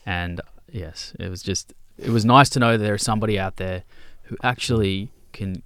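An Australian man co-hosting a podcast in casual chat, an animated storyteller who calls people mate. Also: fairly low pitch, moderate pace, no room sound, studio quality. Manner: animated storyteller, matey slang. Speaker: podcast co-host.

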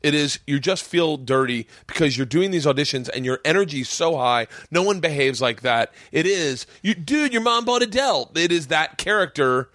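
Podcast host dude, jumps in fast, bit of a high voice, dry mic. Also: male voice, animated, fairly bright tone, no room sound. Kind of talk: casual chat.

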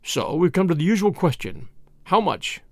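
Give me a narrator putting on an impatient, suspicious businessman who barks his words. His voice is lively and sits on the high side for a man. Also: normal speed, creaky, dry recording, studio quality, full character voice. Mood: angry. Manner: snarling, forceful, impatient. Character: bullying middle-aged male businessman, suspicious.

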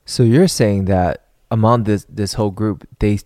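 Very deep, slow-talking woman co-host. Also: steady tone, dark tone, dry recording, clean studio sound. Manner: reacts with short questions. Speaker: podcast co-host. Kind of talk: casual chat.

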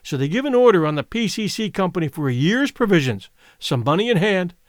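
A man's voice: high voice, big pitch swings, brisk, dry recording, studio quality. A man voicing a pleading, passionate wealthy widow in a dramatic audiobook reading. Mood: coaxing. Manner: impassioned, pleading.

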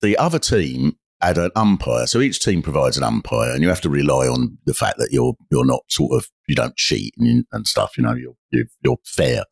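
A male podcast host telling a comic story in a wry, animated way, acting out the dialogue. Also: a bass voice, normal speed, vocal fry, few pauses, dry recording, clean studio sound.

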